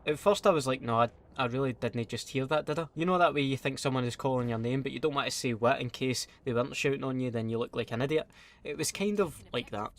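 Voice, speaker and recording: A man's voice: medium pitch, fairly bright tone. A young man with a Scottish accent telling stories in a casual vlog, sweary and self-mocking. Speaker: YouTuber.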